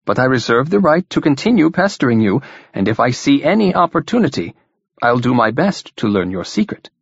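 A man reading the part of a weary, careful male diplomat in a measured, dry manner, in a dull lo-fi recording. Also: mid-range voice, sing-song, vocal fry, husky, no room sound, pitched above the performer's own voice, exaggerated voice. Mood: guarded.

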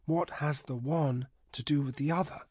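A man's voice: on the high side, steady tone, normal speed, a little mellow, slightly rough, no echo, clean studio sound, voice pushed up. A man doing an earnest, thoughtful sorcerer. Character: earnest adult male sorcerer, thoughtful and sincere.

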